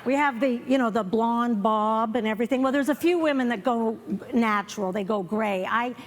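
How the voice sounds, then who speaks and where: An older woman doing a live stand-up set on stage, wry and self-mocking, slipping into quick character asides. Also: fairly high pitch. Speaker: stand-up comedian. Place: comedy festival stage before a live audience.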